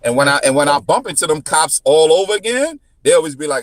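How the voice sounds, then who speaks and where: A man in his thirties telling a story in casual chat, full of restarts, whose pitch jumps up when he quotes people. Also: fast talker, dry recording. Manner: animated, repetitive restarts, jumps into high pitch when quoting. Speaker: podcast guest.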